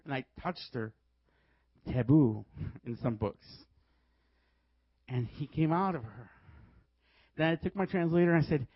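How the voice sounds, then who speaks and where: A man preaching a sermon, telling stories in a lively way and laughing often as he goes. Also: fairly high pitch, normal speed, long pauses, no echo, dull audio. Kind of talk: sermon with storytelling.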